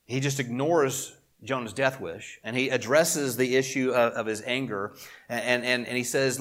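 A middle-aged man preaches to his congregation in an easy, talking manner. He leans hard into key points and then pulls back to quiet, almost confiding asides. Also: mid-range voice, moderate pace. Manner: conversational preaching with emphatic swells and quiet asides. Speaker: pastor. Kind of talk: sermon.

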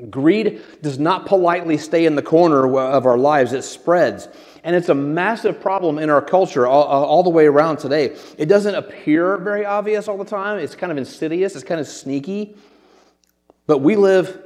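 A man's voice: on the high side, darkish tone. A man preaching a sermon, earnest and conversational, often repeating words as he thinks. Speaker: pastor. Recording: long hall reverb.

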